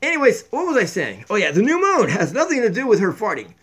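A man in his forties rambling in a jokey, excitable way on a comedy vlog, recorded on a tablet mic in a home kitchen. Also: high voice, fast, slightly rough. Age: 40s. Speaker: vlogger. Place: downstairs home kitchen, on a barstool. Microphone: tablet camera mic.

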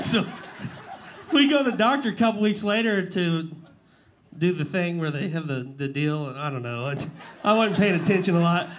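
A man's voice: high-pitched, expressive, normal speed, a little hiss or hum. A man in his forties, a rodeo clown guest on a live talk show, telling rambling stories and laughing often. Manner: emotional, laughing, rambling storyteller. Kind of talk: casual talk-show storytelling. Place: live show before an audience.

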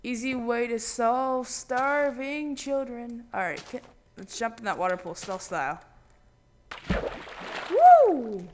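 A man hosting his own gaming channel, giving casual let's-play commentary with random, jokey, excitable banter. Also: very high voice, a little slow, slight background noise.

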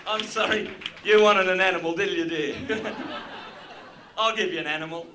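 Speaking at a moderate pace in a high voice, a male Australian comedian performs a crude live routine, brashly joking at the audience. Background noise is present in this roomy venue recording with the crowd.

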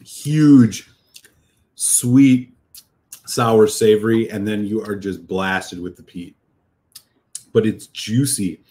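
A man's voice: fairly low pitch, fairly even intonation, slow pace, pauses often, mellow. A man hosting a casual live whisky tasting, talking enthusiastically with many fillers and restarts. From United States. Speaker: whisky reviewer host.

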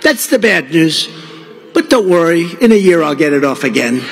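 Man giving a rally speech, higher voice, long echo of a big hall. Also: very animated, normal speed, very noisy. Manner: rambling storytelling with acted-out quoted dialogue. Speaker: political candidate. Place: large venue.

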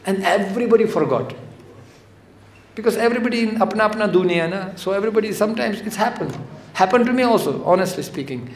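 High-voiced man giving a devotional lecture. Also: quick pace. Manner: conversational, animated, acts out quotes. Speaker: spiritual lecturer. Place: temple hall. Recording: echoey hall with faint noise.

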